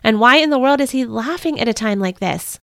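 A woman hosting a devotional podcast, reading a first-person story in an earnest, measured way. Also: on the high side, expressive, creaky, a bit bright, dry recording, studio quality.

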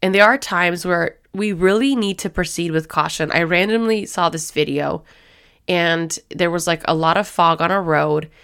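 A woman's voice: fairly low pitch, moderate pace, fairly bright tone, clear, resonant tone. A woman hosting a faith-based podcast, talking in a chatty, rambling way and acting out little quoted voices as she goes. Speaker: podcast host.

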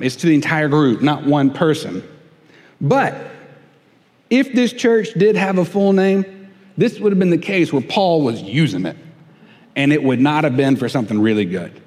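Man preaching in a reverberant hall. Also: on the high side. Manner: conversational, emphatic, rising to loud indignation when quoting. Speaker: pastor. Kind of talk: sermon.

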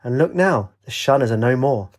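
A man's voice: medium pitch, expressive, moderate pace, lightly acted. A man voicing a cocky, charming male singer who leads an outcast camp, laid-back and teasing. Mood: proud.

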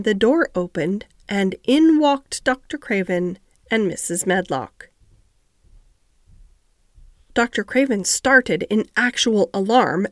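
A woman narrating a classic children's novel steadily and clearly as an audiobook reader. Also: a little high, fairly bright tone, dry recording, clean studio sound. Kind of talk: storybook narration.

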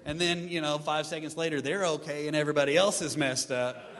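A pastor preaching a sermon with lively delivery, acting out his listeners' excuses in changing voices. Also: on the high side, a little fast, in a large hall. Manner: animated preaching, mimics congregants' excuses.

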